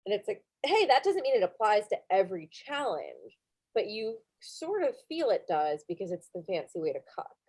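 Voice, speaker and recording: A woman's voice: mid-range voice, very animated, moderate pace, a little mellow, breathy edge, no room sound. A woman co-hosting a podcast, rambling through a cooking show recap with fillers and self-corrections. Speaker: podcast co-host.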